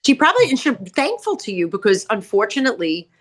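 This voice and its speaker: A middle-aged woman telling salon stories in casual podcast chat, acting out quotes with big jumps in pitch. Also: huge pitch swings, fast. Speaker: guest author, salon owner.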